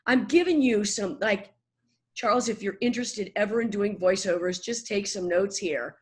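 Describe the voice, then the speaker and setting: A woman in her sixties, a voice actor chatting as a guest in an animated, laughing way. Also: mid-range voice, normal speed. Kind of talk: casual interview chat.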